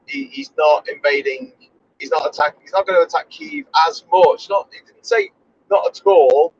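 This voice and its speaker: Husky man, animated chat. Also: a little high. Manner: rambling, opinionated, self-correcting. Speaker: podcast host. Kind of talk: casual chat. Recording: dull lo-fi recording.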